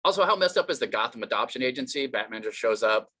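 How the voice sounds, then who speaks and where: A man's voice: mid-range voice, lively intonation, fast, bright, forceful tone. A man doing an online stand-up comedy set, rambling and self-deprecating, with many fillers and restarts.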